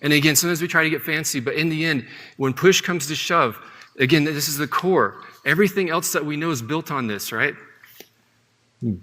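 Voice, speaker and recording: Male Bible teacher, bright forceful tone, long hall reverb, conversational delivery. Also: a little high, brisk. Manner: conversational, often asks "right?". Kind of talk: classroom Bible lesson.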